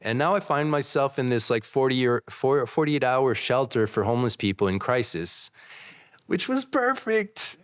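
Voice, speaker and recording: A man in his thirties, a podcast guest, telling a personal story in casual talk, candid and animated, acting out the voices of others. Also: mid-range voice, moderate pace, few pauses, clear, resonant tone.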